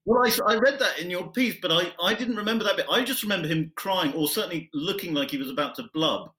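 A man's voice: high-pitched, fast talker, sharp tone, rough recording. A British man hosting a podcast, chatting in a casual, teasing and wry way with his guest. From Britain. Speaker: podcast host.

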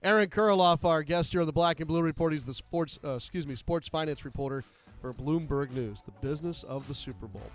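A man's voice: on the high side, a little fast. A man hosting a radio sports talk show, bantering easily with his guests. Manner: easygoing, friendly banter.

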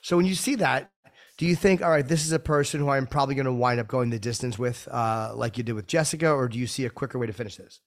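A man's voice: medium pitch, fast talker. A man hosting a chat show who makes dry, wry remarks and interviews a guest. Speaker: podcast host.

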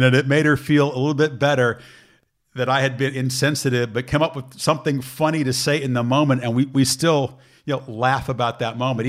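A middle-aged man chatting casually as a guest, telling anecdotes in an animated way and laughing easily. His voice sits in an ordinary middle register. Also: mid-range voice. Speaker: sports broadcaster guest. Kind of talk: casual chat, storytelling.

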